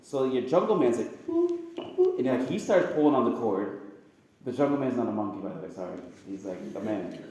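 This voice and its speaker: A man, a priest giving a casual, chatty homily to a group of young people, now and then breaking into silly high sound effects. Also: fairly quick. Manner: chatty and animated, bursts into high-pitched sound effects and jokes with the audience. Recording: very echoey room sound.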